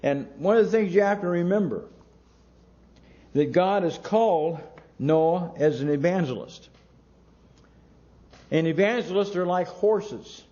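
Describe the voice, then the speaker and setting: A man preaching a sermon in a slow, emphatic way, with long pauses between words. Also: high-pitched, warm tone, muffled recording. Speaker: pastor.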